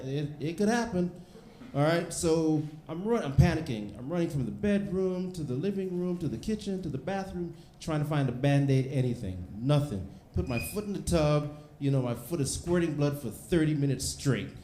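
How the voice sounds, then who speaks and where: A man's voice: medium pitch, darkish tone. A man doing a stand-up comedy set on a theater stage, telling stories in a brash, punchy way and acting out the other people's lines. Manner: brash, punchy storytelling with acted-out dialogue. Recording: echoey theater room, faint noise. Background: audience laughter.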